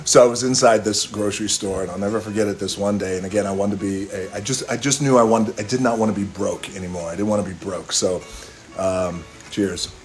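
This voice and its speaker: A man's voice: on the low side, steady tone, brisk. A man hosting a phone live stream, telling a casual, profane story with chuckles along the way. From Hawaii. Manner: loose, profane, chuckling anecdotal delivery.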